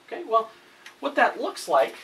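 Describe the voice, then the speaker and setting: Captured by a distant camera across the classroom, with a faint hiss in the room, a male chemistry teacher speaks at a moderate pace in a very high, fairly bright voice whose pitch swoops wildly. Chatting through the lesson at the whiteboard, he frequently corrects himself and asks "okay?"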